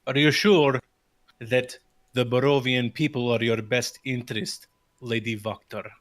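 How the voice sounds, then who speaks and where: A sly, insistent schemer, voiced by a man in a live tabletop game. His pitch sits higher than the narrator's usual voice. He presses his points hard with pointed questions. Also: steady tone, a little slow, a bit bright, lightly acted. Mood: probing.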